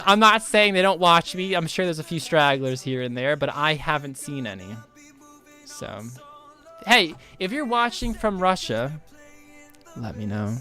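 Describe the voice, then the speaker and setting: A man's voice: on the high side, sharp tone. A young man in his twenties on a casual game stream, loose and profane, reading viewers' chat aloud and riffing on it. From United States.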